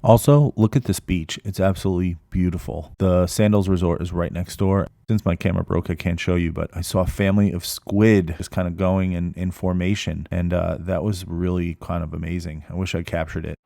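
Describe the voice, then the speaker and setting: Male vlogger voice-over, very low, warm and relaxed, candid and offhand. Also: fairly quick, vocal fry, few pauses, no room sound, studio quality. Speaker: travel vlogger. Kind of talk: voice-over commentary.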